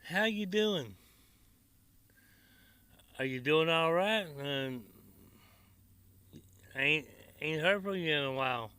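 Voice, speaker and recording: Out by the grill, a barbecue vlogger with a Tennessee Southern accent talks casually to his viewers, folksy and rambling with plenty of country slang. His fairly high voice moves slowly with long pauses, and it sounds sharp and clean with no room sound.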